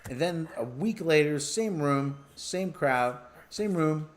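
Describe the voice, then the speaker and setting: Rambling man with a lively, swinging voice. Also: on the high side, slow pace. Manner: musing, self-interrupting, clears throat often. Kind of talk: rambling stand-up comedy monologue.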